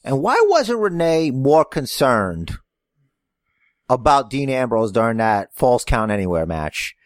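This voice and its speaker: Man, podcast co-host, casual joking chat, profane, lively pitch, dry sound. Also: unhurried, dry recording.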